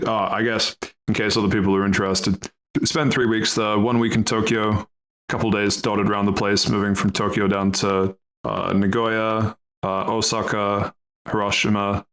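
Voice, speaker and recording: A man's voice: on the low side, fairly bright tone, poor audio. A young man chatting casually on a podcast, rambling with lots of fillers, laughing often and swearing freely. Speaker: podcast co-host.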